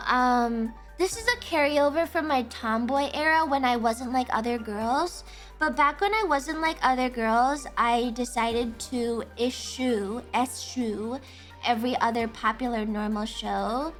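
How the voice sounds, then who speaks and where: Woman livestream host, high and bright, wildly expressive, profane casual ranting. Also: unhurried, faint music behind. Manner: animated, profane ranting with frequent laughter. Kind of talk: casual live-stream chat.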